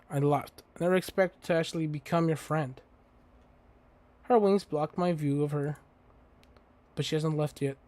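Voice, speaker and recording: Faint game music plays behind a young man streaming a game, who reads its lines aloud and interrupts himself with crude jokes. He speaks in a slightly high voice with a darkish tone.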